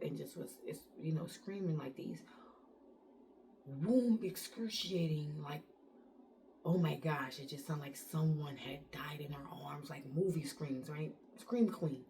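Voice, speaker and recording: A woman's voice: low-pitched, a little hiss or hum. A woman from the United States telling a personal story in a casual vlog, acting out what people said and leaning on "like" as filler. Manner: animated retelling, acts out quotes, frequent "like" fillers.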